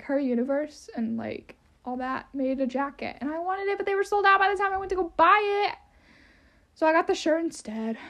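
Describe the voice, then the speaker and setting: A young woman with a high, squeaky voice hosting her own podcast, rambling casually with lots of "um" and "like" and self-deprecating asides. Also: a bit bright. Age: young adult. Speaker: podcast host.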